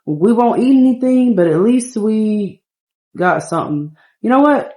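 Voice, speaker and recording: A woman's voice: on the high side, lively intonation, unhurried, mellow. A woman casually narrating a game story in a chatty, rambling way.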